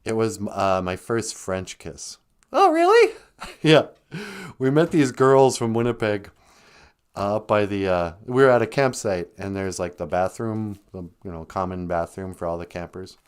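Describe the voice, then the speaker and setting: A man's voice: low-pitched, measured pace, smooth. A man from Minnesota, hosting a casual live stream, playfully chatting and chuckling as he greets viewers. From north central Minnesota. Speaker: host.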